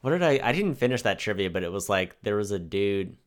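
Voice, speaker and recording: A man's voice: lowish voice, very animated, quick pace. A man co-hosting a casual movie review chat, joking and easygoing as he defends a film. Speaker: podcast co-host.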